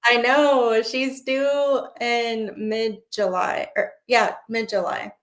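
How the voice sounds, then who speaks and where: A woman in her twenties, a guest in a casual interview, lively and quick to laugh. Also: on the high side. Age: 20s. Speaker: podcast guest.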